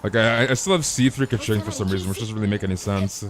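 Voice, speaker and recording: A young man streaming a game live, chatting casually with viewers and telling animated, exaggerated stories. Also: on the low side, fast talker, a crowd in the background. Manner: casual, animated, reads chat aloud, exaggerates. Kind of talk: live stream chat while playing.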